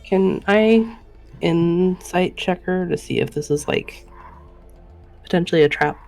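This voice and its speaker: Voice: medium pitch, a little slow, gravelly, a little mellow, faint music behind. A player in a tabletop game, talking casually and a little hesitantly. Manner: hesitant, with repeated words.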